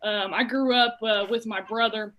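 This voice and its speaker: A young woman from Ohio performing a stand-up set, telling childhood stories with animated impressions. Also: a little high, normal speed, poor audio. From Dayton, Ohio. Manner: animated storytelling with shouted impressions and a sung bit. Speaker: stand-up comedian.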